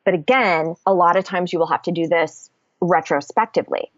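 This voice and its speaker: Woman guest coach, casual and blunt, low voice, dry, slightly dull sound. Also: brisk, dry recording. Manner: candid, casual, swears freely. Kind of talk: podcast interview, explaining a method.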